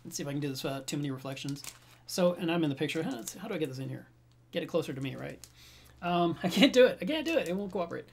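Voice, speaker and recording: A man hosting a home livestream about reef aquariums, chatting casually to his webcam and telling stories in an animated way. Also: a little high, racing, creaky, slight background noise. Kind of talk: casual livestream chat, reading viewer comments.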